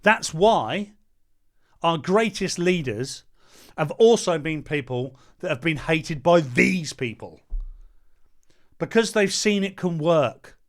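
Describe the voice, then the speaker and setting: A man's voice: on the high side, expressive, slow, long pauses. A man giving a ranting commentary, reading out points and then mocking them with sarcastic jabs and insults. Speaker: political commentator.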